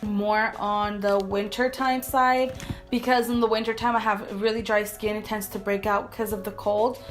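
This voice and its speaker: A woman's voice: mid-range voice, flat delivery, normal speed, soft background music. A young woman from California chatting through a casual makeup review vlog in her bedroom, rambling and repeating herself. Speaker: beauty vlogger.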